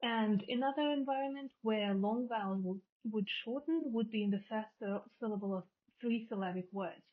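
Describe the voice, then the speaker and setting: A woman's voice: a little high, moderate pace. A woman giving a recorded linguistics lecture, explaining step by step and often rephrasing her terms. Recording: tinny phone-like audio.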